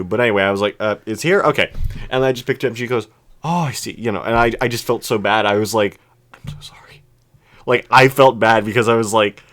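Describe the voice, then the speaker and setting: A young man co-hosting a podcast tells a long story in casual chat, full of restarts and fillers. His mid-range voice has a fairly bright tone.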